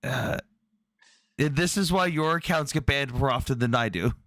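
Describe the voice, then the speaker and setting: A man's voice: mid-range voice, normal speed, fairly bright tone. A man hosting a casual online debate, talking bluntly and sarcastically with frequent swearing. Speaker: debate host.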